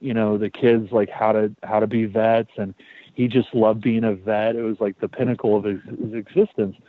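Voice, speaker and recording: Male podcast host, casual animated storyteller, dry tinny phone-like sound. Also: on the low side, moderate pace, no room sound. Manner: animated, repeats words, swears.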